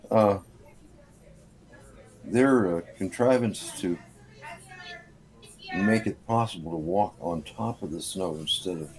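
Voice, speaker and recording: A man playing a tabletop game, talking in a halting way with many fillers. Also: low-pitched, a little mellow, low-quality recording. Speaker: player. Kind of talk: casual tabletop game play.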